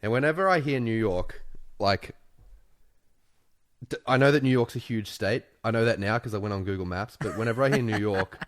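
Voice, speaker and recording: Jokey podcast host, low voice. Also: male voice, brisk. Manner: jokey, laughs often, drops into silly voices. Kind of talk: casual chat.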